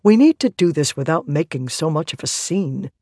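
A woman voicing an earnest, level-headed young man in a measured way. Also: low voice, lively intonation, dark tone, no room sound, clean studio sound.

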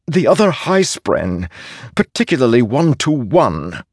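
A man's voice: medium pitch, sing-song, darkish tone, slightly rough, dry recording, clean studio sound, voice pushed up. A man voicing an insecure male spirit made of stars, who speaks hesitantly and apologetically. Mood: anxious earnest. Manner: hesitant, halting, pleading.

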